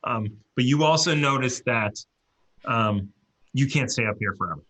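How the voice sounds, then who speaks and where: Male game master, bright voice, casual and halting. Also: medium pitch. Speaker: dungeon master. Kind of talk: running a tabletop game.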